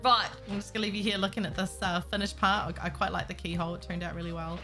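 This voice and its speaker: A young woman streaming a building game, chatting casually with viewers, giggly and excitable and reacting loudly to surprises. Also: fairly low pitch, quick pace. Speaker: Minecraft streamer. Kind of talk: casual live-stream chat. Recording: faint music under the voice.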